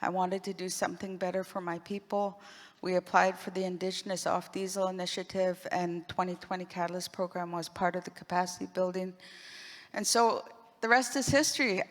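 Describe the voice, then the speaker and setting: A woman from the west coast of British Columbia, Canada, giving heartfelt remarks on a stage microphone and repeating words as she speaks. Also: medium pitch. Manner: warm, emotional, with restarts. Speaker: program graduate speaking at an event. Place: large event hall. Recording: long hall reverb.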